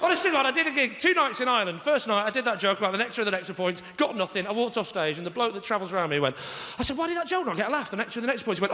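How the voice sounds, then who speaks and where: An English man performs sarcastic stand-up to a theatre crowd. His voice sits high and swings widely. The sound carries the long echo of a big hall over loud room noise. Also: lively intonation, racing, hardly any pauses. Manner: sarcastic, storytelling with acted-out phone dialogue. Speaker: stand-up comedian. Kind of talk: stand-up routine. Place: large theatre stage with live audience.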